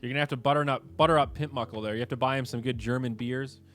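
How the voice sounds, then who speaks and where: A man hosting a casual livestream chat, animated and swearing, moving between low mutters and excited outbursts. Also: very fast, faint music behind. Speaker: streamer host.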